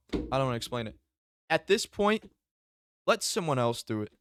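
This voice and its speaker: A man giving casual reaction commentary on fights, excitable and profane, often bursting into exclamations. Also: medium pitch, moderate pace, slight background noise. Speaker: MMA commentary YouTuber.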